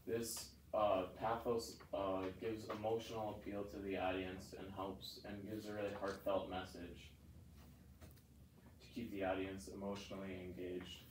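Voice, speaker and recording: A young man giving a class presentation that analyzes a speech, halting and reading from notes. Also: lowish voice, level tone. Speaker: student presenter. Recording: echoey room from a distance, light noise.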